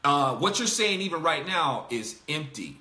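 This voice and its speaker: A man hosting a casual Bible discussion, talking in an animated way, laughing and acting out the quotes he reads. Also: on the high side, normal speed, reverberant. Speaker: host.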